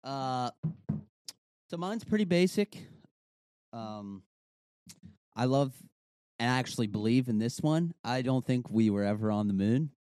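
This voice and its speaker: A man's voice: medium pitch, lively intonation, darkish tone, smooth, dry recording. A man hosting a podcast segment in casual chat, trailing off and restarting his sentences. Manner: halting, trails off, loose and profane. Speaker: podcast co-host running the segment.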